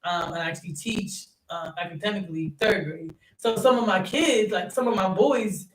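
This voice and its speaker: Young man telling animated coaching stories, roomy sound. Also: high-pitched, moderate pace, far from the mic, slight background noise. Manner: animated storyteller, laughs often, many fillers. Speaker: youth basketball coach and third-grade teacher. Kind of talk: casual interview chat.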